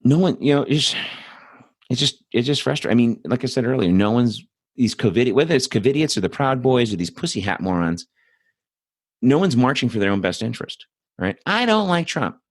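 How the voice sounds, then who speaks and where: A man's voice: medium pitch, animated, fairly quick, no echo, clean studio sound. A man hosting a political commentary show, talking in a blunt, profane, rambling monologue full of asides. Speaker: host.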